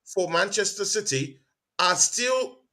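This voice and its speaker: A man's voice: high voice, animated, unhurried, over a noisy crowd. A male show host in a heated casual football debate, arguing hard and repeating himself to press his point. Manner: argumentative, keeps repeating "see, Deji".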